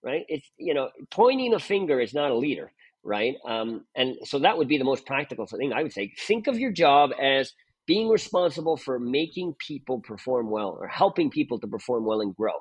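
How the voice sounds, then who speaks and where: A man's voice: mid-range voice, very animated, moderate pace, breathy edge, no echo. A man speaking as a guest performance mentor, emphatic and full of "right?" tag questions. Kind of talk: animated interview talk.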